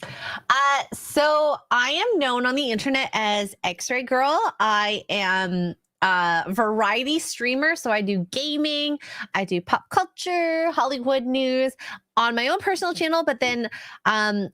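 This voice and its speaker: A Canadian woman guesting on a casual podcast, bubbly and quick to laugh at herself. Her voice sits fairly high and sounds dry and close to the mic. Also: expressive, fairly bright tone, no room sound. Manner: bubbly and self-deprecating, laughs often. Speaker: guest streamer.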